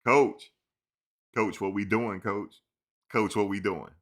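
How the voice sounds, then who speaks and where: A man hosting a casual live-stream sports talk show, teasing and answering his chat in an animated way. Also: on the low side, unhurried.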